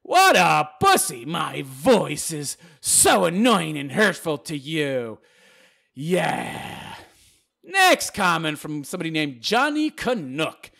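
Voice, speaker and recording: Animated sarcastic man ranting. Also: on the high side, slow, creaky. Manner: sarcastic, mocking rant. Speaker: YouTube commentator. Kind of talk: reacting to viewer comments.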